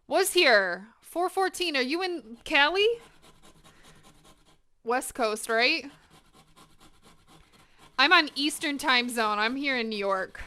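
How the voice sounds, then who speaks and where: A woman cooking live in her kitchen, chatting with her viewers. Her voice sits a little high, bright and crisp, and she talks with lots of energy and plenty of swearing. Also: takes it slowly, pauses often. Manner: energetic, chatty and profane, talking to chat. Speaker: cooking streamer. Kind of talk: casual chat while cooking on stream.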